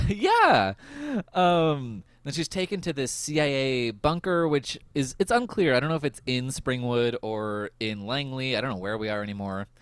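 A male podcast host chatting casually about a TV episode, laughing often and filling pauses with "um.". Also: mid-range voice, expressive, clean tone, no room sound. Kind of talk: casual chat recapping a TV episode.

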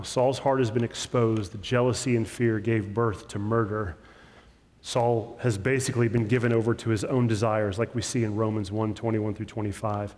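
A man preaching a sermon as a pastor, his delivery swinging between loud emphatic stresses and hushed, drawn-out words. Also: fairly low pitch. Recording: long hall reverb.

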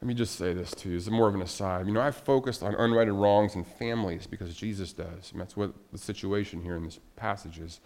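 A man's voice: deep voice, a little fast, few pauses, darkish tone. A male pastor preaching a sermon emphatically, with repetition and rhetorical questions.

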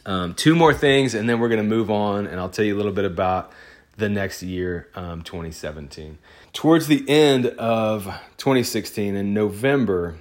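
A man, a photographer, telling a personal story in a casual, rambling, excitable way. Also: sits low.

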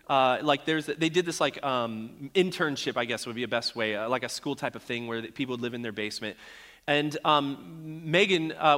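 A man's voice: fairly high pitch, a bit bright, big-room sound. A man preaching a sermon in a casual, storytelling way, with frequent fillers and restarts. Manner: conversational, storytelling, many fillers.

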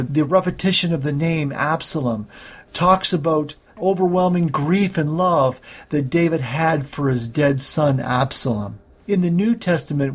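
A man preaching a sermon, teaching slowly and steadily through Bible passages. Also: a little high, breathy edge. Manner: slow, measured Bible teaching with scripture readings.

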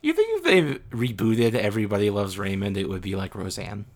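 Low-voiced deadpan man reading questions. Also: fairly quick. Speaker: podcast co-host reading listener questions. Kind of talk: casual chat.

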